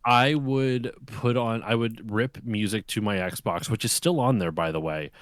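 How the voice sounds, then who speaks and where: A man's voice: fairly low pitch, measured pace, dry recording. A man co-hosting a casual live-streamed talk show, rambling through stories with many restarts. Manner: rambling, restarts, loose storytelling. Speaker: podcast co-host.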